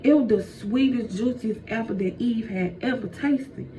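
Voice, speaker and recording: Chatty high-voiced woman telling a story. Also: normal speed, dark tone. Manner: slangy, chatty, addresses listeners as y'all. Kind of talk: casual comedic storytelling. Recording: dull, distant, faint noise.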